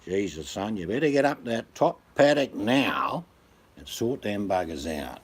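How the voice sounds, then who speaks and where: A man's voice: lowish voice, very animated, measured pace, slightly rough, full character voice. A man voicing a coarse old farmer father with a broad rural Australian accent, bossy and blunt. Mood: scolding. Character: gruff old Australian farmer father scolding his son.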